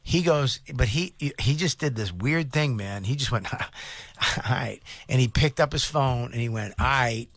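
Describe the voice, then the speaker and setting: A man, co-hosting a radio talk show, animated and profane, acting out other people as he tells a story. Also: mid-range voice, normal speed, hardly any pauses, no echo. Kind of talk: casual storytelling banter. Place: radio studio.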